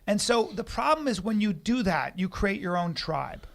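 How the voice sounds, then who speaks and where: A podcast co-host holds forth in an animated, preachy way, his voice pitched high and swooping widely. A gravelly fry runs under his crude, rambling stories. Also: moderate pace. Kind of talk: casual podcast banter.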